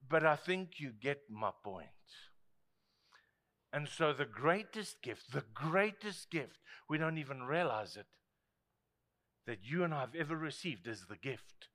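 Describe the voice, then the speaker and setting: A male pastor with a South African accent preaching a sermon, lively and swinging between loud asides and hushed tones. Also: high voice. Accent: South African English.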